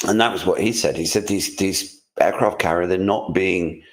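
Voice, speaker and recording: Very deep-voiced man, sarcastic. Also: moderate pace. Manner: sarcastic, rambling with restarts. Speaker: co-host. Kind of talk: casual news commentary chat.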